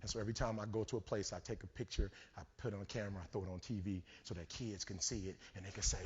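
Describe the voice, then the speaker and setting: A man giving a motivational keynote, telling stories and building to shouts. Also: lowish voice, fairly even intonation, very fast, hardly any pauses, slight background noise. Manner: preachy, storytelling, rising to shouts. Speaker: keynote speaker. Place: large conference hall. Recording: dull hall recording with long reverb.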